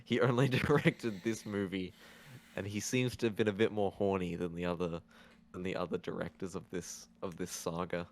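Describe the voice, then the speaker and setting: A man co-hosting a casual movie-review podcast, talking in a rambling, halting way with frequent laughs. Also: deep voice, steady tone. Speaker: podcast host.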